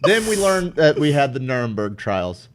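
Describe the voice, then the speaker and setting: A man's voice: mid-range voice, moderate pace, slight background noise. A man hosting a podcast in casual, profane, comedic chat, often acting out voices. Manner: profane, animated, acts out voices. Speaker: podcast host.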